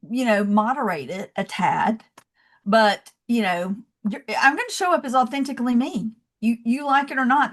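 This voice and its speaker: A woman from Georgia with a Southern accent, a podcast guest telling stories expressively with acted-out asides. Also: on the high side. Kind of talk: casual podcast interview.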